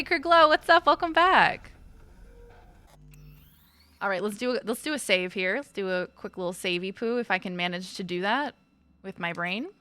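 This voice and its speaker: A woman's voice: medium pitch, fairly bright tone, clean tone, no echo. A woman game streamer chatting playfully with her chat as she plays, giggling often. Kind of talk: casual live-stream chat while playing.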